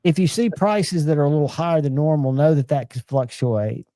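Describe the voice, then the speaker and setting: A man's voice: a little high, lively intonation, brisk, warm tone, no echo. A man, chatting casually and enthusiastically as host of a live knife show.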